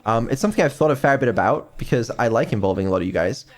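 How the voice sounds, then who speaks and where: A man's voice: medium pitch, expressive, racing. A man chatting casually on a stream, rambling and offhand with lots of ums and casual swearing. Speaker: streamer and developer.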